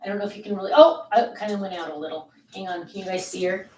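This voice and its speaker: A woman's voice: very fast, a little mellow, a little hiss or hum. A middle-aged woman casually chatting on a home craft livestream, reading viewer comments and rambling with many ums. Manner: calls out to her dogs in a high sing-song voice. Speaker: livestream host of a craft channel. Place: home office.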